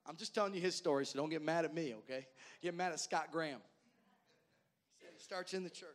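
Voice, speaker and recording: A male pastor telling folksy stories in a sermon, addressing the congregation directly and repeating words as he goes from loud to soft. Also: a little high, fairly quick. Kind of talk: sermon storytelling.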